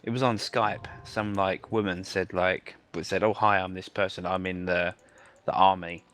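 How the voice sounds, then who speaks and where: A man's voice: sits low, steady tone, normal speed, a bit bright. A man telling a long rambling anecdote with many fillers while playing a game with friends. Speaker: gamer telling a story. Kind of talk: casual chat over gameplay.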